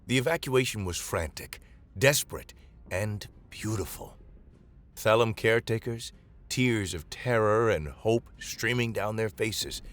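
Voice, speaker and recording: Low-voiced man narrating sci-fi. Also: fairly bright tone. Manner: dramatic, measured reading. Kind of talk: dramatic sci-fi story narration.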